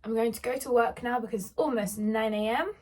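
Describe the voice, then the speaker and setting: A young woman in her twenties, chatting casually as a book vlogger, rambling with lots of fillers and sounding a little hoarse. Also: fairly high pitch, brisk, darkish tone. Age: 20s. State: slightly hoarse, losing her voice. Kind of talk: casual vlog chat.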